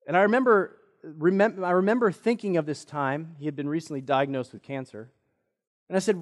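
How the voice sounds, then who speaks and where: The voice is a man's, a little high and fairly quick: a pastor preaching in a church sanctuary. He tells a personal story with earnest sincerity, giving others' words lively voices, and long church reverb hangs on the sound.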